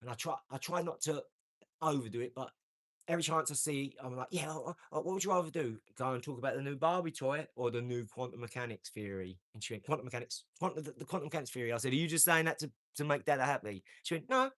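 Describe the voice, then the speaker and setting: A man, hosting a casual live stream, brash and boastful, with slang and swearing, swinging from loud outbursts to low mumbling. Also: fast talker. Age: 40s.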